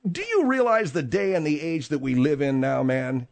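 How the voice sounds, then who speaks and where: A man's voice: on the high side, very animated, normal speed, gravelly. A man hosting a talk radio show, delivering a combative, rambling and sarcastic monologue.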